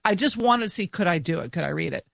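Animated woman telling stories on a podcast. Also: fairly low pitch, fast talker, gravelly, dry recording, studio quality. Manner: animated storytelling, laughing often, filler-heavy. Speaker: podcast co-host. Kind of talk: casual conversation.

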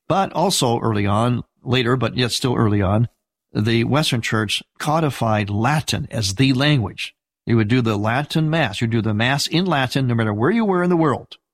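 An older man, a priest, giving an informal church history lecture with a husky voice and a conversational, explanatory manner, turning now and then to speak to his listeners. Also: mid-range voice, no echo. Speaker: Byzantine Catholic priest teaching church history.

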